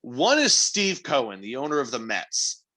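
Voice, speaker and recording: Sarcastic bright-voiced podcast co-host man. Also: medium pitch, huge pitch swings, normal speed. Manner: sarcastic, teasing. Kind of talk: casual podcast banter.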